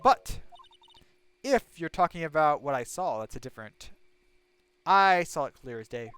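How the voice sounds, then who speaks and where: A man doing shrill bossy old lady Oldbag. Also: animated, moderate pace, fairly bright tone, clear, resonant tone, faint music behind. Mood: haughty. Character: cranky nosy old woman, loud and scolding.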